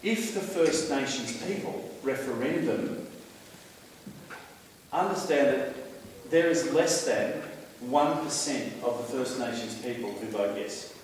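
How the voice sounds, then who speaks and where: A man's voice: mid-range voice, takes it slowly, far from the mic, slight background noise. Emphatic Australian man in an echoey hall. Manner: emphatic, conspiratorial storyteller. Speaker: speaker answering audience questions. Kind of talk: casual talk to a live audience.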